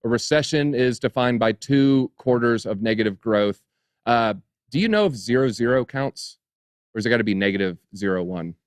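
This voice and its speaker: A man's voice: medium pitch, expressive, normal speed. A man reads news stories aloud on a casual talk show, breaking in often with sarcastic side remarks. His voice is recorded close up in a dry, dead room with no reverb. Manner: reads headlines, then adds dry sarcastic asides. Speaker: crypto show co-host. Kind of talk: news commentary, reading articles aloud.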